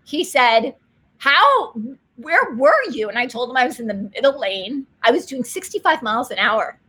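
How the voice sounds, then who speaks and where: A middle-aged woman hosting a faith talk show, telling a story with lively energy and frequent laughter. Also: fairly high pitch. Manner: excited storytelling, laughs often, fast animated retelling.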